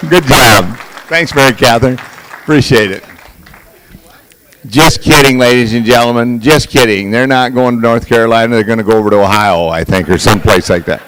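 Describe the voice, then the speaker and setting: A man hosting a graduation ceremony, speaking to the class and the audience in a halting way, with many fillers and restarts. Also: medium pitch, a bit bright. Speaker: auction school leader hosting a graduation.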